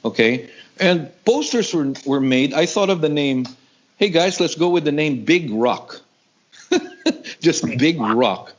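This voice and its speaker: A man from the Philippines in his sixties, telling stories in a casual interview, who acts out the other people in a higher voice. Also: measured pace. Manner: animated, acts out quoted voices in a higher pitch. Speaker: guest rock vocalist. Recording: dull lo-fi audio.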